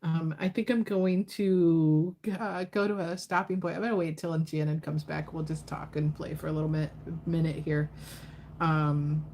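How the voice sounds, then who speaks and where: A woman with a lowish voice doing a relaxed livestream tarot reading and chatting with her viewers between cards. She sounds tired after hours of talking, and she laughs easily. A faint hiss of noise sits under her voice. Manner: chatty, laughing, talks to chat. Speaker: tarot reader.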